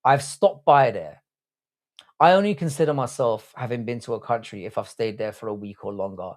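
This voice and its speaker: A young man from England, speaking at normal speed in a medium-pitched voice, reads his livestream chat aloud and banters in a blunt, crude, rambling manner, often restarting mid-thought.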